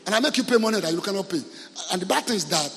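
A Nigerian man preaching to his church, spinning humorous stories and calling out questions to the congregation. His voice sits a little high for a man, and the hall around him rings with a long reverb. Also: animated, very fast, fairly bright tone. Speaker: pastor. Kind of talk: sermon.

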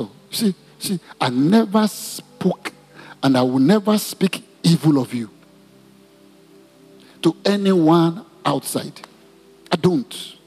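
Male preacher, animated storytelling sermon, slightly raised pitch, soft music under. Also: husky, big-room sound. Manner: animated storytelling, acts out quoted voices. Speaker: pastor. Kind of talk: sermon with congregational prayer. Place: church.

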